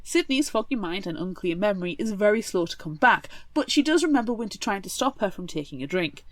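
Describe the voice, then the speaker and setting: A woman's voice: medium pitch, expressive, fairly quick, dry recording. Wry woman summarizing a book. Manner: wry, sarcastic asides while summarizing. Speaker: podcast co-host. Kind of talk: casual book recap.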